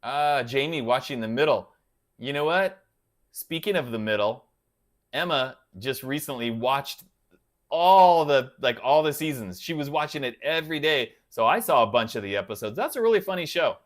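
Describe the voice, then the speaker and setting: A man's voice: medium pitch, expressive, normal speed. A man hosting a casual livestream, chatting loosely and answering viewers by name. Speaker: guitar channel host reading live chat.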